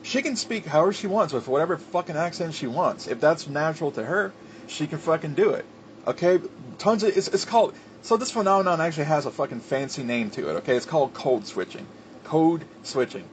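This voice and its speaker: A man's voice: a little high, expressive, fairly quick, slight background noise. A man giving a heated, profane wrestling commentary rant, with lots of fillers and restarts. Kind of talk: ranting commentary.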